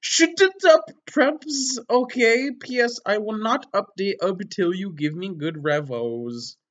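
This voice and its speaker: A man voicing a petulant teenage goth girl fanfic author, whiny and scolding in a high pitch. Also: unhurried, fairly bright tone.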